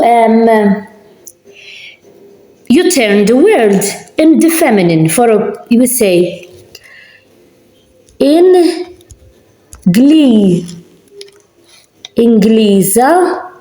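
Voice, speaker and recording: Slow, patient woman teaching in an echoey room. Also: on the high side, warm tone. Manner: patient, repeats words slowly and deliberately. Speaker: language teacher. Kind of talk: slow spelling lesson with examples.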